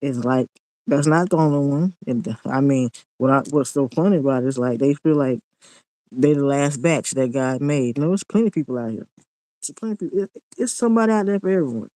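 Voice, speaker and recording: A man's voice: mid-range voice, brisk, a little mellow, dry recording, rough recording. A man, ranting in a casual monologue vlog, blunt and preachy and repeating himself.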